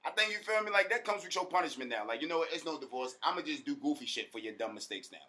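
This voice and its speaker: A man who is a guest on a podcast in casual chat, animated, joking and profane. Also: mid-range voice, fast, hardly any pauses.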